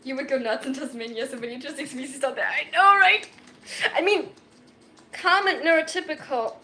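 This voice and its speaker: Excitable young woman in her 20s, from Germany, high bright voice, giggly rambling chat, faint music behind. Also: fairly quick. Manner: excitable, giggly, rambling with self-mocking jokes. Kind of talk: casual chat. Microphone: phone.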